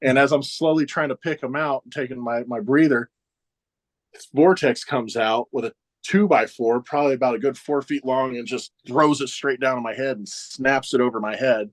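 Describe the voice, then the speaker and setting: A man's voice: medium pitch, moderate pace. Wrestler guest, 40s, male, middle voice; loose anecdotal storyteller who chuckles and mimics others. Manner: animated anecdotes, chuckling often, acts out others' lines. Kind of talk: casual storytelling interview.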